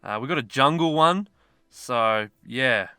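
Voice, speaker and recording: Man, casual game commentary, chatty, rambling, forceful tone, dry close sound. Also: medium pitch, expressive, unhurried, clear, resonant tone, no room sound. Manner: chatty and rambling, self-mocking asides. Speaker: mobile game YouTuber.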